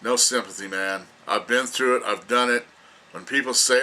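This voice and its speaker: A man's voice: mid-range voice, a little slow, sharp tone. An older man giving an emphatic, lecturing opinion rant as a vlogger, repeating himself for emphasis.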